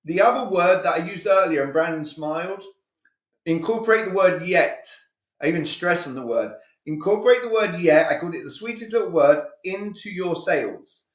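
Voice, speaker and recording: Man, communication coach, energetic, emphatic, acts out dialogues, slightly high voice, roomy echo. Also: fairly quick, few pauses. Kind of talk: live online sales training.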